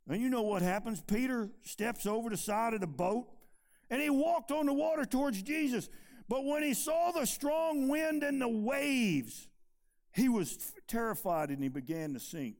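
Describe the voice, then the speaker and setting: A preacher man who delivers a sermon, swinging between loud emphatic stretches and quiet, low asides. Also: animated, moderate pace.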